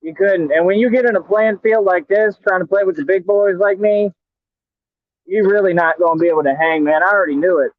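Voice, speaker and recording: Riding a scooter outdoors, a male vlogger trash-talks a rival in a cocky vlog, speaking fairly quickly in a voice high for a man and prone to stammering restarts. The sound is thin and phone-like, close and dry with no room sound.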